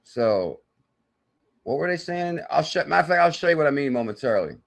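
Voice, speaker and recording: A man hosting a live crypto stream, talking in an excitable, salesy way with loud outbursts, thinking aloud as he works through sums and reads the viewer chat. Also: a little high, fairly quick, gravelly. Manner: thinks aloud while doing sums and checking charts. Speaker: crypto channel host.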